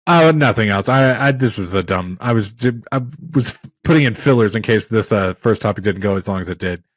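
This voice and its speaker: A man's voice: on the low side, lively intonation, fairly quick, no echo. A man hosting a podcast, telling long stories in a rambling, exasperated way during casual chat. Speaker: podcast host.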